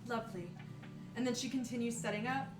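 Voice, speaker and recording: A woman running a tabletop game over a video call, laughing often and losing her train of thought. Her voice sits on the high side. The audio is roomy and distant, with loud music beneath it. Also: lively intonation, measured pace. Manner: giggly and easily flustered. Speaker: game master.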